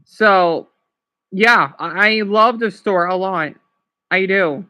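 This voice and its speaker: A man's voice: sits high, takes it slowly, pushed and bright, smooth. A man from Arizona, chatting casually with livestream viewers in a rambling, emotional, apologetic way. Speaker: livestream host.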